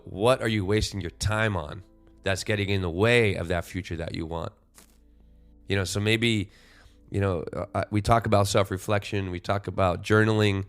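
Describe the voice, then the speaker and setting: Low and smooth, the voice belongs to a man in his forties hosting his own podcast alone. He wanders through his thoughts reflectively, full of "you know" fillers and false starts.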